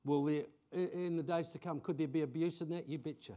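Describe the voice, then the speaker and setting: Aussie pastor guy, chatty sermon, gets excited then goes quiet, middle-aged. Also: on the high side, a little fast, muffled recording. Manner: conversational, animated storytelling with bursts of excitement.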